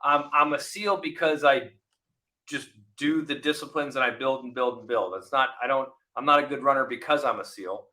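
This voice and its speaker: Forties male guest, bright tone, lively anecdotal storyteller in a relaxed interview. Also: medium pitch, normal speed. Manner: animated storyteller, acts out voices in anecdotes. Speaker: podcast guest, former Navy SEAL officer. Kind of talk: casual interview chat.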